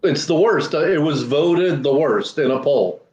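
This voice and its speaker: A man's voice: fairly high pitch, expressive, a little slow, darkish tone. A man joining a casual betting podcast, blunt and matter-of-fact. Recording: echoey, dull remote audio.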